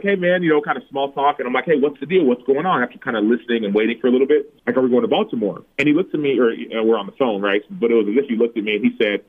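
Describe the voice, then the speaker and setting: Man in his thirties, podcast guest, animated storyteller, mid-pitched voice, tinny narrow sound. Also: very fast, few pauses. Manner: animated, acts out his own past words with big pitch jumps. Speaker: podcast guest, former pro football player. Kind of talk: personal storytelling in an interview. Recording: phone-like narrow audio.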